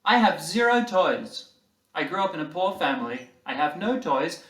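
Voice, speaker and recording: A poor little boy pleads through tears in a high, wavering voice, as a male lecturer puts him on. The sound comes from a distance in a roomy hall. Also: big pitch swings, normal speed, fairly bright tone. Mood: tearful, pleading. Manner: tearful pleading.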